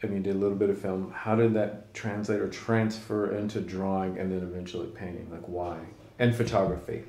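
A man's voice: sits low, flat delivery, a little fast, mellow. Curious male podcast host, echoey. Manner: curious, rambling questions with restarts. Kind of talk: casual interview conversation.

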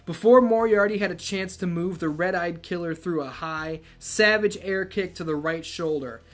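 A man's voice: fairly high pitch, fairly bright tone. A man reading a novel aloud as host, breaking off for sarcastic asides. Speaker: reader and host.

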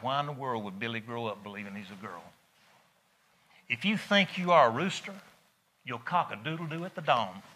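A middle-aged man delivers a sermon in a folksy, animated way, telling stories and building to emphatic peaks. His voice sits a little high and sounds very bright and sharp. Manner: folksy, animated storytelling with laughs and rising emphasis. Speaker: preacher.

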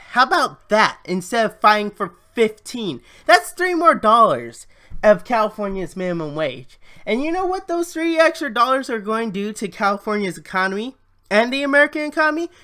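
A woman's voice: high voice, pushed and bright. A woman in a solo vlog, ranting about the economy in a heated, frustrated way with plenty of swearing. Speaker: vlogger. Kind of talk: solo political rant.

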